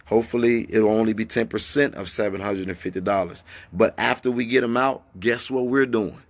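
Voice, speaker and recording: A man talking to his followers in an impassioned livestream, firing off rhetorical questions and at times lowering his voice, in an echoey indoor space. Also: fairly quick. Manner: fiery, rhetorical questions, then hushed. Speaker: activist addressing followers.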